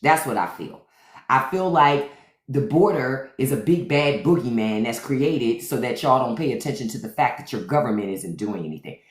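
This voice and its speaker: A woman's voice: rumbling low, animated, normal speed, echoey room. A woman hosting a live stream, chatting bluntly and sassily to her viewers and brushing off trolls. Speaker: livestream host. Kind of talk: unfiltered live-stream chat. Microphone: phone for a live stream.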